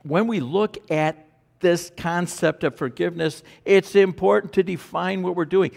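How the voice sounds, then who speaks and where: A man's voice: sits high, moderate pace, creaky, a little mellow. A male pastor preaching a sermon, telling stories with frequent stammered restarts.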